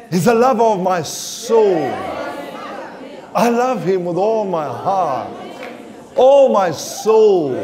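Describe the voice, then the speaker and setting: A South African male pastor preaches with a high, wildly swinging voice, drawing out his words slowly. He leaps from shouted declarations to near-murmurs. A congregation is faintly heard in the church behind him. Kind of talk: preaching a sermon.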